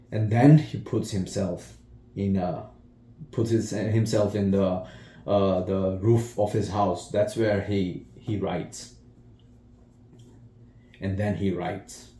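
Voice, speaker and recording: A man's voice: lowish voice, warm tone. A man reviewing a film in casual speech, retelling scenes with feeling and many restarts. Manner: slow, emotional retelling with acted quotes and restarts. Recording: echoey room.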